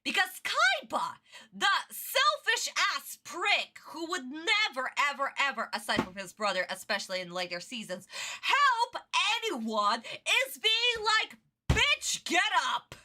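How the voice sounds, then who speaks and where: A woman streamer giving excitable, foul-mouthed reaction commentary on a cartoon, talking close into her own microphone from bed. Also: high voice, measured pace, slight background noise. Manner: excitable, swears freely, exaggerated outrage. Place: in bed at home. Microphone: own desk microphone, close.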